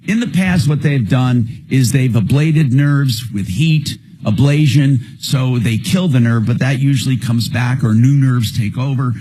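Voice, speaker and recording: Husky older man hosting a call-in radio show. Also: medium pitch, mellow. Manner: brisk, plain-spoken, explaining in quick asides. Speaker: radio consumer-advice host. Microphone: studio microphone.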